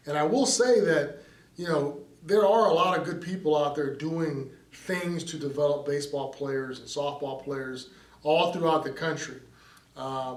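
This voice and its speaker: A middle-aged man speaks as a baseball coach, earnest and conversational, with plenty of fillers and restarts. His voice sits a bit high. The sound is roomy and comes from a distance. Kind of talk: direct-to-camera advice talk.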